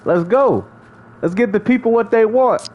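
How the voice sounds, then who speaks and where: A man's voice: very high voice, moderate pace, darkish tone, dull audio. A man streaming live, casually bantering and mocking rival gamers, laughing often as he talks. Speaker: gaming streamer.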